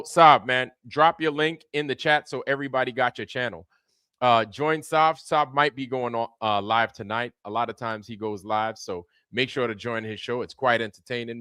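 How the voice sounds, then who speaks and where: A man's voice: medium pitch, fairly even intonation, normal speed, bright, forceful tone, smooth, dry recording, clean studio sound. A man hosting a casual livestream, greeting viewers by name in a loose, repetitive way with plenty of slang. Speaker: livestream host.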